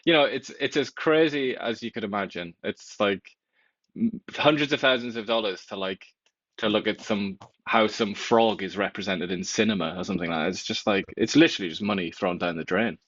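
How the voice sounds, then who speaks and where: A low-voiced man adds dry, wry jokes as co-host of a casual political chat. His voice comes through a muffled, lo-fi mic with no room sound at all. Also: a little fast, fairly bright tone, no echo. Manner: wry, dryly joking.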